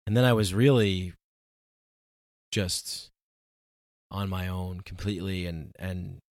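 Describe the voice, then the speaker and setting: A young man speaks alone on his podcast in a lowish voice. The recording is dry and close, with no room sound. His talk is raw and rambling, full of restarts and swearing. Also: slow, darkish tone, dry recording. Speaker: podcast host. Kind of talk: solo podcast monologue.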